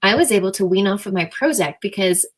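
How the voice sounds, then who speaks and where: A woman in her thirties, a guest in an interview, telling her stories in a chatty, animated way with lots of fillers. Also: mid-range voice, quick pace, a crowd in the background. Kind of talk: casual interview chat.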